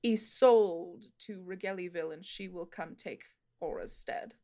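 A woman voicing a formal, polite male official in a tabletop role-playing game, speaking in a measured way. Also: lowish voice, warm tone, natural voice.

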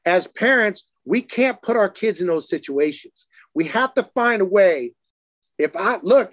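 A man hosting a casual chat, telling youth sports stories and acting out quotes in lively voices. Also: measured pace, no echo, studio quality. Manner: animated, acts out quotes in lively higher voices.

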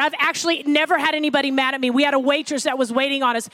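A woman pastor delivers a sermon, lively and animated, acting out the voices of the people she quotes. Her voice sits high for a woman. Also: very fast.

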